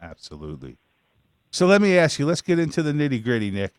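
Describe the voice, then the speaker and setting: A male host with a smooth, resonant voice and a brash, casual manner. He keeps the talk moving with quick agreeing interjections. The sound is dry and close to the mic. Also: on the high side, huge pitch swings, a little mellow, dry recording. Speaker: podcast host. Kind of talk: casual comedic chat.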